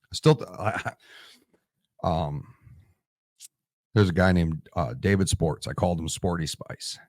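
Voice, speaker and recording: This Marine veteran guest, a man in his forties, gets emotional and tearful while sharing war stories in a relaxed interview, swearing and starting his sentences over. His voice sits low and a little mellow, with clean studio sound and no echo.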